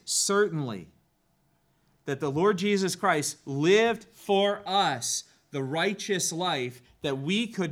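Slow, emphatic male preacher. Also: fairly high pitch, a bit bright. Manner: rhetorical questions to the congregation, slow and emphatic. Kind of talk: sermon.

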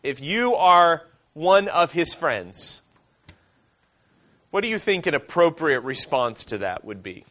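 A male pastor preaching a sermon, reading scripture aloud and asking the congregation questions, slowing down for emphasis. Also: on the high side, big pitch swings, bright, forceful tone.

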